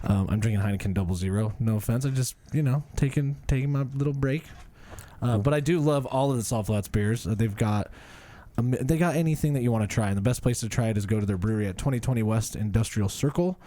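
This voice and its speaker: A man hosting a podcast in relaxed chat, reading sponsor spots with lots of fillers. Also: mid-range voice, quick pace, no echo. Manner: easygoing, filler-heavy. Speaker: podcast host. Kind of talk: casual chat with sponsor reads.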